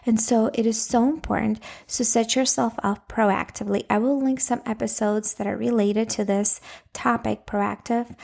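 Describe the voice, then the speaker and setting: A woman's voice: on the high side, gravelly, a little mellow. A woman hosting a solo podcast, coaching moms in a casual, direct way and often checking in with "okay?".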